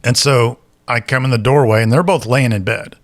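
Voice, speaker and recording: Speaking at normal speed with a medium-pitched voice, a man co-hosting a podcast narrates a story casually. He brings it to life by acting out the voices of the people in it.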